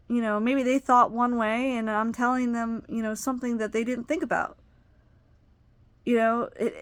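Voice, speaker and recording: A middle-aged woman vlogger with a fairly high voice tells personal stories loosely, full of ums and you-knows. When she gets heated, her voice jumps high and loud. The sound is dry and close with no room echo.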